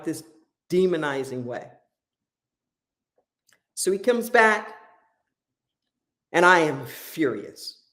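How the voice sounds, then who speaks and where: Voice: medium pitch, a bit bright. A pastor telling a story in a sermon, impassioned and repeating key phrases for emphasis.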